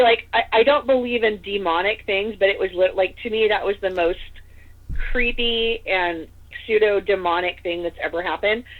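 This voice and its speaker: A woman from Northern California telling a story as a podcast guest, chatty and rambling, with lots of "like" and "you know.". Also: medium pitch. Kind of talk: casual storytelling in an interview. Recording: tinny phone-line audio.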